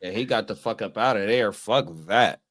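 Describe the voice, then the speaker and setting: A man's voice: fairly low pitch, moderate pace, a bit bright. A man co-hosting a casual podcast, laid-back and slangy, who reads out viewer comments. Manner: laid-back, slang-heavy, repeats affirmations. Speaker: co-host reading chat comments.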